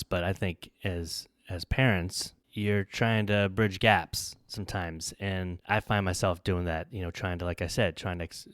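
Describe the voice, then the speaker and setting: Reflective man co-host, low dry voice. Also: no echo. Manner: reflective, thinking aloud. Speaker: podcast co-host and parent. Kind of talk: podcast interview.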